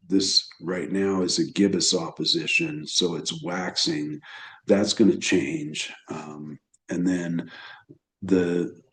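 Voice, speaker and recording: Man, deep voice, slow reflective delivery, frequent restarts, solo talk. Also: a little hiss or hum, low-quality recording. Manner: halting and reflective, many restarts. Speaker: evolutionary astrologer. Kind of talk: unscripted solo talk on astrology.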